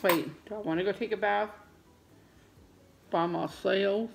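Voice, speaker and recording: A woman's voice: on the low side, unhurried, vocal fry, long pauses, a little hiss or hum. A middle-aged woman, chatting casually and dramatically to her vlog viewers from home. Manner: animated, dramatic storytelling. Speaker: vlogger.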